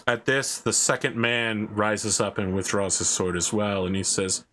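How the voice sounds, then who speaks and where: A man narrating a tabletop role-playing game as game master, unhurried and descriptive. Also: on the low side, steady tone, a bit bright.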